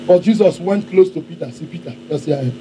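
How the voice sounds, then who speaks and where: A man preaching fiercely and leading an altar-call prayer, shouting out lines for the crowd to repeat. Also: a little high, brisk. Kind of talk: fiery crusade sermon and altar-call prayer. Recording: noisy open-air crusade with crowd.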